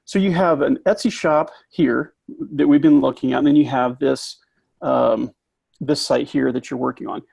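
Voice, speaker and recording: A man coaching a craft seller on pricing, explaining step by step in a casual, halting way with many restarts. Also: mid-range voice, steady tone, vocal fry, darkish tone, husky, dry recording. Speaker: business coach interviewing a maker.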